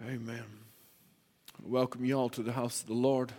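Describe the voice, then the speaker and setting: A man's voice: medium pitch, flat delivery, a little hiss or hum. Preaching man in a reverberant church. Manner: builds from quiet warmth to loud rising preaching; reads scripture slowly with heavy emphasis. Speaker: pastor. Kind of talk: sermon. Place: church sanctuary.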